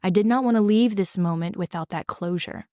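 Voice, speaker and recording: A woman hosting a podcast, telling a personal story in an earnest, gentle way and guiding listeners through breathing and reflection. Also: fairly low pitch, brisk, no echo, clean studio sound. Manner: gentle, earnest, with guided breathing prompts and frequent "right?". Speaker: podcast host and drama therapist.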